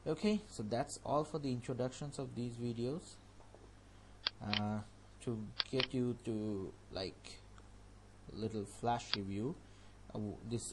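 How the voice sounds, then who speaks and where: A man with a lowish voice previews upcoming lessons for his online language course, speaking informally and chattily while thinking aloud about each topic. There's noise in the background.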